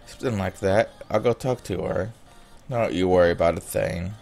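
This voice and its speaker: A man with a low, slightly mellow voice reads a visual novel's character lines aloud at a normal speed, using his own plain voice throughout. Faint music plays behind him. He occasionally stops to make casual comments.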